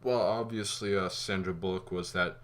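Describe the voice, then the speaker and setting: A man giving a casual spoken movie review, rambling and animated, with fillers and some swearing. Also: low voice, moderate pace.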